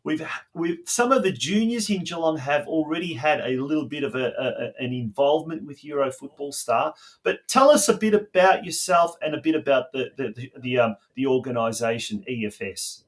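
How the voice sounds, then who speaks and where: A middle-aged man hosting a soccer podcast, rambling and halting, with lots of fillers and restarts. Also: medium pitch, expressive. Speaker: podcast host.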